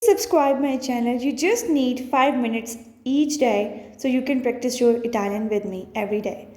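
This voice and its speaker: A woman hosting a short language lesson, modelling each phrase slowly and carefully so learners can repeat after her. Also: on the high side, darkish tone, reverberant. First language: Urdu. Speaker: language teacher.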